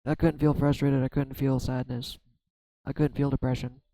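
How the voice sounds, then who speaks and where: Man, mellow voice, flat pitch, halting self-searching talk, tarot reading, dry close recording. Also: dry recording, rough recording. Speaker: tarot reader. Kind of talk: reflective solo tarot vlog.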